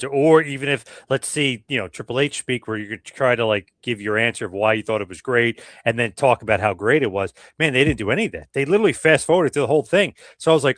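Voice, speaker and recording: A male podcast co-host speaks quickly and animatedly, with "like" scattered through his sentences. His pitch is middling. The recording is dry and close. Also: no room sound. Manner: animated, fast, many "like"s. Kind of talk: casual podcast review chat.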